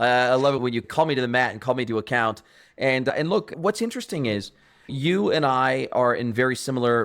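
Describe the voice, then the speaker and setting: A man in his forties hosting a business podcast interview, talking in an effusive, enthusiastic way and repeating phrases for emphasis. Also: mid-range voice. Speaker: podcast host. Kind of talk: interview conversation.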